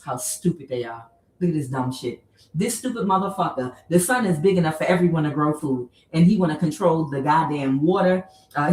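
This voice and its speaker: A woman giving a casual tarot reading, blunt and profane, breaking into joking, animated rants. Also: lowish voice, distant mic. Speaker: tarot reader. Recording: echoey room, voice away from the mic.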